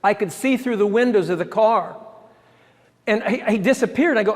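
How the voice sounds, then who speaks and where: A man, a ministry founder, telling a personal story in an excitable way, often restarting his sentences and chuckling. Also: high voice, normal speed. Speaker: ministry founder giving a talk. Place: church hall. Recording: long hall reverb.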